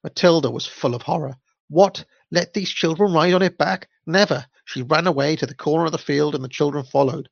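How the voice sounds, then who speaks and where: A man reads a children's story aloud in a gravelly voice, unpolished and now and then stumbling over a word. He sounds amused by the text. The recording is dull, dry and lo-fi. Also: fairly high pitch, a little fast, no room sound.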